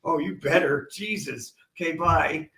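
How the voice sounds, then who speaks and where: A comedian hosting a casual live show, hoarse from laryngitis, gruff and exasperated in his banter. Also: a little high, measured pace, sharp tone, far from the mic. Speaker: comedian host. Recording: roomy sound, off the mic.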